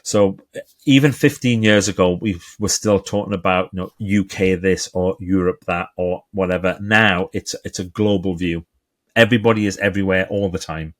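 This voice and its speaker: Lively Geordie man, low voice. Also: moderate pace. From England. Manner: animated storyteller, acts out quoted voices. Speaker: guest author. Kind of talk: conversational interview.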